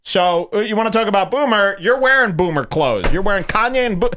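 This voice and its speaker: Male comedy podcast host, high-ish, lively range, swears, mimics clips. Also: brisk. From United States. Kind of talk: casual comedic chat.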